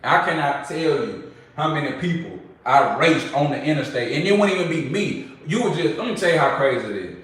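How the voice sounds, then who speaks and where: A young man, talking casually to his viewers in an animated, slangy storytelling manner. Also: on the high side, brisk, recorded from a distance. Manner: animated, loose slangy storytelling with sound effects. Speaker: vlogger. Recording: very echoey room, from off-mic.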